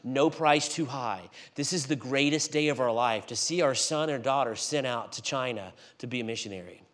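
A man preaching in a church, telling a story with animated swings between loud and hushed delivery. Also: mid-range voice, moderate pace. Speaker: guest preacher. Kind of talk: storytelling sermon.

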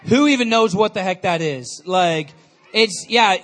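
A man giving an energetic storytelling sermon to a live audience, chatty and calling out questions to the crowd. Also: very high voice, normal speed. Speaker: youth speaker.

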